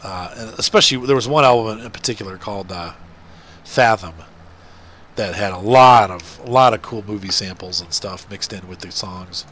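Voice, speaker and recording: Low-voiced, stuffed-up man chatting. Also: normal speed, a bit bright. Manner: rambling, self-deprecating chatter. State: stuffed-up nose. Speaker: gaming video host. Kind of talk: casual chat while playing.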